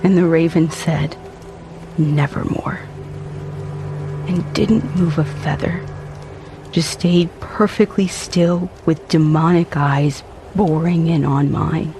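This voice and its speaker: A man's voice: on the high side, steady tone, takes it slowly. A man giving an intense, brooding first-person narration for an audio drama, over faint background music. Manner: intense, brooding, haunted storytelling.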